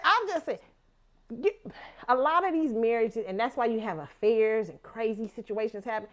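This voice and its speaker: Female host, casual outspoken commentary, salty language, laughs a lot. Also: on the high side. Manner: frank, profane, laughs often. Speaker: talk show host.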